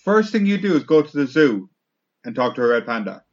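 A young man with an Irish accent, mid-pitched, spinning dry, deadpan little stories among friends. The recording is dull and lo-fi. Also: brisk. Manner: dry, wry storytelling. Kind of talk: casual chat.

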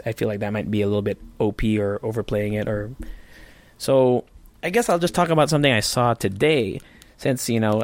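A man's voice: medium pitch, vocal fry, no room sound. A man hosting a casual solo podcast, rambling and swearing freely with frequent restarts. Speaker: podcast host.

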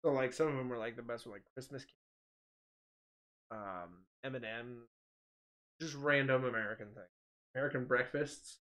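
A man's voice: medium pitch, normal speed, long pauses, bright, forceful tone. A man in casual chat, telling stories animatedly, laughing often and acting out quotes.

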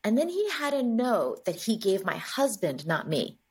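A woman from the United States, a guest in an interview, telling stories in a lively way and acting out the dialogue. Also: mid-range voice, normal speed, breathy edge. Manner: lively storyteller, acts out dialogue. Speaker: guest, agency chief executive. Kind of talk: interview storytelling.

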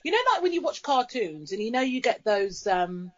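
A woman's voice: on the high side, big pitch swings, normal speed. A woman co-hosting a podcast in casual chat, loose and slangy, stuffed up with sinusitis. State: sinus-congested. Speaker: podcast co-host. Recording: slightly dull lo-fi audio.

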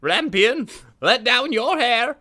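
A man voicing an angry old witch in a high, slow, drawn-out voice while reading a fairy tale. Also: animated, sharp tone, full character voice. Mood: demanding.

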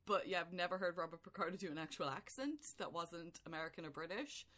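A woman's voice: fairly low pitch, quick pace. Woman, podcast co-host, casual movie chat, rambling, laughs a lot. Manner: animated, laughs often, rambling storytelling.

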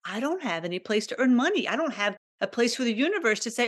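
A woman's voice: on the high side, very animated, quick pace. A woman hosting a personal podcast, speaking candidly and emotionally and often repeating herself as she confides in listeners. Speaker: podcast host.

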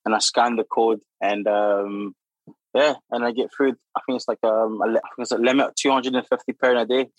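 A young man, a guest telling animated, laughing stories full of acted-out quotes. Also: medium pitch, a little fast, no echo, dull audio. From Democratic Republic of Congo. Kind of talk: casual storytelling.

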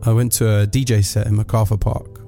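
A man's voice: fairly low pitch, little pitch movement, brisk, creaky, dark tone, soft background music. A man, delivering a sardonic, rambling comic monologue full of asides.

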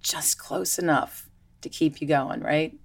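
A woman with a slightly low voice talks easily in casual conversation. She is a children's yoga teacher, and her stories come out animated and chatty. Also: measured pace.

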